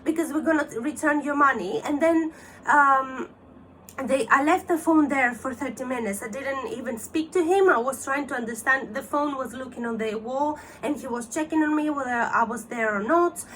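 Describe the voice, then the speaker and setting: A woman's voice: high voice, normal speed, a bit bright, a little hiss or hum. A woman vlogger telling a personal story to camera, agitated as she retells a scam phone call and quotes both sides.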